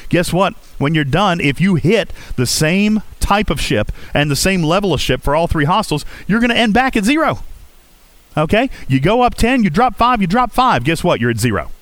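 A man's voice: high voice, sing-song, normal speed, a bit bright, dry recording. A man hosting a gaming podcast, talking casually and coaching listeners, often checking in with "okay?". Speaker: podcast host.

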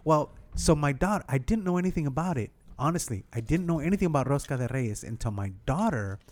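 A middle-aged man telling stories in a casual chat, animated and swearing freely. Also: a little high, fast. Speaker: podcast co-host.

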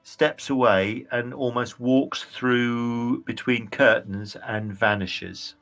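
Slow-narrating male game master. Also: mid-range voice, steady tone, fairly bright tone. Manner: unhurried, descriptive narration.

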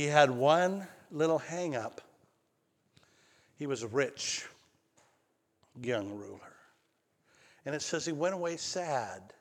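A male pastor telling a personal story in a sermon, swinging between loud calls and hushed lines. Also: on the high side, in a large hall. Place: church sanctuary.

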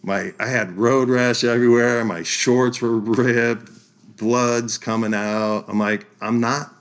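A man telling a story as a podcast guest, animated and laughing through his lines. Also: mid-range voice, slow. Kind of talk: casual storytelling.

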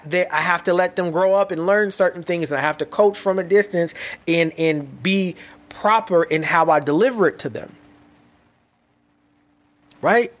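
A man's voice: high-pitched, a bit bright. A man in his thirties hosting a solo motivational podcast, talking candidly and reflectively in casual slang with frequent restarts. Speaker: podcast host.

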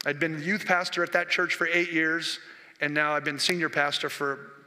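An older pastor preaches with a piercing, bright voice pitched high for a man. He tells his stories with passion and climbs to forceful peaks. His voice rings in a church sanctuary with a long reverb. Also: level tone, moderate pace. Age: 60s. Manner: impassioned, storytelling, rising to near-shouted peaks. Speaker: senior pastor. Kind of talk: sermon.

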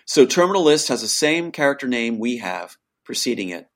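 A man's voice: mid-range voice, sing-song, a little fast, a bit bright. A man, the guest, telling an emotional personal account in an insistent voice that rises to pleading outbursts.

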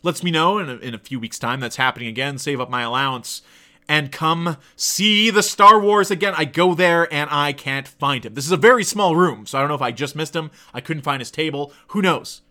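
A man's voice: fairly high pitch, a little fast, sharp tone. A man in his thirties telling a casual, profane, digressive story about his past. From Canada. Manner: profane, digressive, self-deprecating. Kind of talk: casual rambling anecdote.

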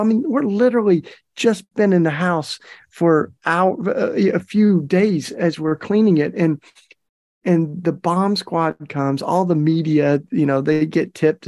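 Gravelly middle-aged man telling stories. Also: on the high side, a little mellow, no room sound, studio quality. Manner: chatty, folksy, lots of fillers and laughs. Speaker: podcast host. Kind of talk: casual storytelling monologue.

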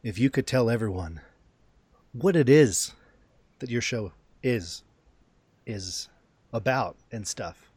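A man's voice: mid-range voice, lively intonation, slow pace, pauses often, a little mellow, slightly rough, no room sound. A man hosting a podcast in a casual, jokey chat, laughing often. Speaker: podcast host.

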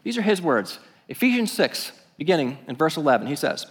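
A man pastor delivers his sermon as a lively, conversational story, and his voice sits a little high. The sound carries a long reverb, as in a large church hall. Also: a little fast, few pauses.

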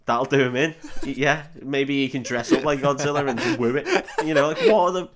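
A man's voice: medium pitch, brisk, a crowd in the background. A man, co-hosting a comedy podcast and recapping a film in a casual, swearing way, laughing often and acting out characters.

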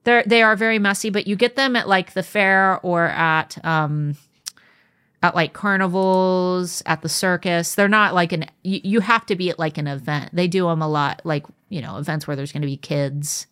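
A woman in her thirties co-hosts a podcast, chatting casually and loosely, rambling with many fillers and restarts. Her fairly low voice is steady, smooth and a bit bright, at a moderate pace.

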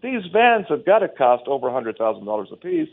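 Gravelly man ranting down a phone line. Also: mid-range voice, huge pitch swings, a little fast. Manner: emphatic and scornful, with repeated restarts. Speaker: guest on a talk show.

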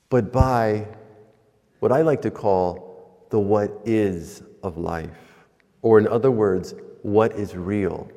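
A man preaching a sermon in a church, telling stories slowly with pauses. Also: lowish voice, mellow. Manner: slow, storytelling with pauses. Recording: long hall reverb.

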